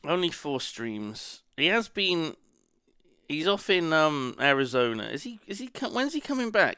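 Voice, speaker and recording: A man's voice: fairly high pitch, very animated, a little slow, bright, forceful tone, clean tone, dry recording, studio quality. A man chatting casually to his stream audience, rambling as he reacts to chat and swearing now and then. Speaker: live streamer.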